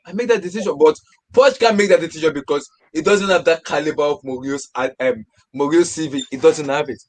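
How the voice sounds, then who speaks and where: A man's voice: fairly high pitch, fairly quick. A man co-hosting a casual football podcast, emphatic and repeating his points for stress.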